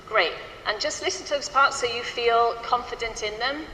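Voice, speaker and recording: A woman's voice: on the high side, moderate pace, bright, forceful tone. A woman choir director giving upbeat, chatty instructions to her choir at a rehearsal in a hall. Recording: echoey hall with faint ambient noise.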